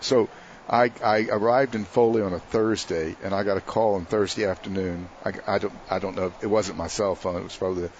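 A man's voice: sits low, steady tone, brisk, lo-fi sound, a little hiss or hum. A man, a parish priest, chatting on a radio pledge drive and telling stories with a laugh now and then. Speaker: priest guest. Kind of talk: casual storytelling interview.

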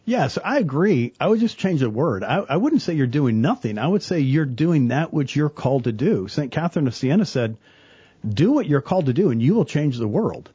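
A middle-aged man, a church worker talking about faith in an earnest, animated way, acting out the people in his stories. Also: a little high, normal speed, slightly rough, dull audio. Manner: earnest, animated storyteller, quotes people in voices. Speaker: church worker, guest on a talk show. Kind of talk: casual faith talk.

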